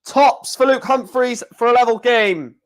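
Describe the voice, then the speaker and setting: A man's voice: very high voice, measured pace. A man hosting a live darts watchalong, calling out scores in short bursts between chatty asides. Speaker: stream host.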